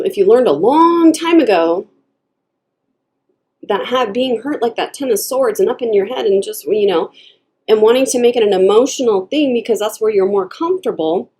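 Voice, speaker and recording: Giving a relaxed tarot reading to viewers, this woman speaks at a normal speed in a fairly high yet dark-toned voice with lively intonation. She digresses, chats, laughs a lot and slips into acted-out voices for quoted lines.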